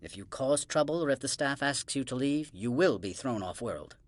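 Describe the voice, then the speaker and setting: A man's voice: medium pitch, animated, moderate pace, no echo, natural voice. A man voicing a stiff, curt game official. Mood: formal. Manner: formal, curt, precise. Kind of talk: video game dialogue.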